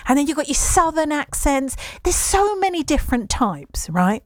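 A woman's voice: high-pitched, sing-song, normal speed, no room sound. A woman hosting a breakfast radio show in a studio, bubbly and chatty, laughing often and bantering with her producer. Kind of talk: lively breakfast radio chat. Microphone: studio microphone.

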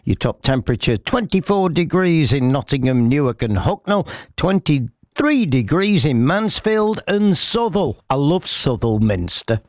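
Breakfast radio host, man, playful interrupter, bright-ish voice, dry studio sound. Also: a little high, big pitch swings, no room sound. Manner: chatty, teasing, quick to interrupt. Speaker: radio presenter. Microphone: studio microphone.

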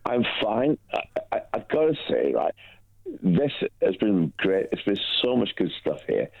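Gravelly man calling in over a phone line. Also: lowish voice, very animated, measured pace, no echo. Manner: enthusiastic, stammering repeats. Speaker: caller. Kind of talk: phone-in call. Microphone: telephone.

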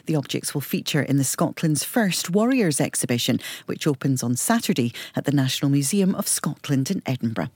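A newsreader reading a scripted radio bulletin and weather forecast in a measured, formal way. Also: mid-range voice, expressive, a little mellow, breathy edge, no echo. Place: radio studio. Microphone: studio microphone.

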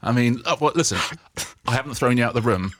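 Fast-talking man. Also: medium pitch. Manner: fast, self-deprecating, many restarts. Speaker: guest. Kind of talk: casual comedic chat.

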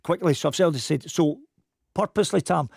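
A man's voice: fairly high pitch, a little fast, gravelly, slightly rough, no room sound, clean studio sound. A man with a Glasgow accent, a football coach telling a funny story in a casual chat. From Scotland. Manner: lively anecdotal storyteller.

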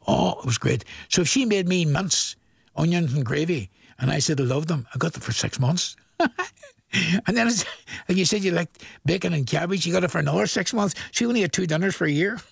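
An older man with a Northern Irish accent hosts a rambling radio request show and chuckles at his own jokes. His voice sits high and carries a gravelly edge. He is close on a dry studio microphone. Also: dry recording. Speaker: radio presenter.

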